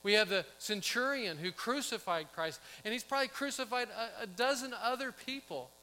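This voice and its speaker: A man's voice: sits high, lively intonation, normal speed, pushed and bright, big-room sound, slight background noise, rough recording. A man pastor preaching a conversational sermon, asking his congregation questions and acting out quotes.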